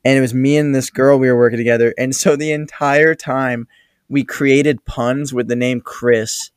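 A man's voice: medium pitch, steady tone, normal speed, no echo. A young man with a mid-range voice, speaking in a casual, rambling way. He swears easily and drifts between details. The sound is dry and close. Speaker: podcast co-host. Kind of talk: casual chat, storytelling.

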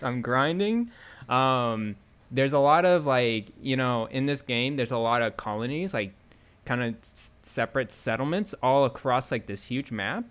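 A man co-hosts a gaming podcast in a loose, chatty way. He speaks at a mid pitch and gets excited easily. His sentences often break off before he finishes them. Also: measured pace, clean tone. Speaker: podcast co-host. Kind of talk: casual gaming podcast chat.

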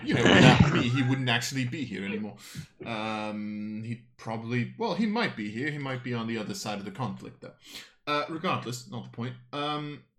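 A man's voice: mid-range voice, animated, normal speed, a bit bright. Guy running a tabletop game, loose and rambly, swears here and there. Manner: casual, rambling, crude. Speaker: game master.

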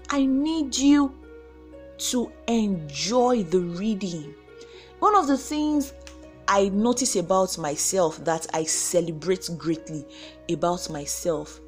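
A woman with a Nigerian accent giving a preachy motivational faith talk to her viewers, acting out quoted voices as she goes. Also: medium pitch. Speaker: motivational vlogger.

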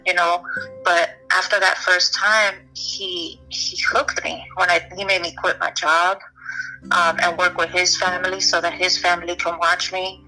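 In an interview, a young woman guest tells her own story candidly, her voice very bright and sharp-edged with little pitch movement. She speaks at a normal speed, stopping and restarting and leaning on "you know," over a rough recording with faint music low beneath her.

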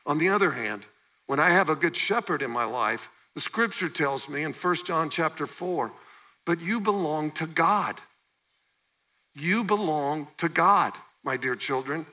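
A man's voice: a little high, bright, forceful tone. A man preaching a sermon as pastor, conversational and full of rhetorical questions to the congregation. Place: church sanctuary.

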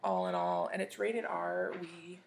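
A woman hosting a podcast in casual chat, rambling and chatty with plenty of fillers and soft asides. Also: lowish voice, sing-song, a little slow, vocal fry. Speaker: podcast host.

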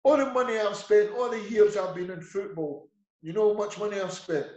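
A man's voice: high-pitched, brisk, a little mellow, dull audio. A middle-aged Scottish man with an Edinburgh accent, speaking in a slightly raised voice. He rambles through casual stories and slips into the voices of the people he quotes. The recording has an echoey room sound. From Scotland. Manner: rambling storyteller acting out quoted dialogue. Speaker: football manager, guest. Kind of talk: casual interview anecdotes.

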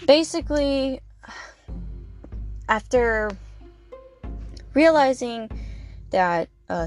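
This is a young woman hosting a podcast, riffing through a movie recap in loose, casual chat. She swears freely, piles on fillers and jokey asides, and speaks at a middle pitch. A little music plays faintly underneath. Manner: chatty, profane, lots of fillers and playful asides. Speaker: podcast host. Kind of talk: casual movie review commentary.

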